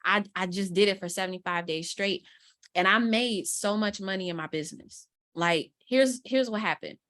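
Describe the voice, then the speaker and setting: Animated storytelling woman. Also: medium pitch, moderate pace. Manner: animated storyteller, acts out quotes. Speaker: guest mentor, content strategist. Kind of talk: casual interview talk.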